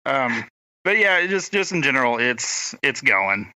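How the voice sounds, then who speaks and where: Young oklahoma guy w/ a country twang, rambly storyteller, really bright dry sound. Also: medium pitch, very animated, a little slow, dry recording, low-quality recording. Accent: rural Oklahoma. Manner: rambling storyteller, acts out quotes. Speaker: podcast co-host, brother. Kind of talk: casual chat.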